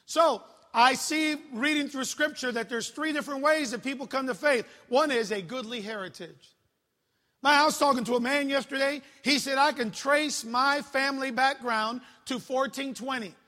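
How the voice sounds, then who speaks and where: Man preaching, high voice, joking, echoing church hall, middle-aged youth pastor. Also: normal speed. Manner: animated, joking storyteller. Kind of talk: sermon. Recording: long hall reverb.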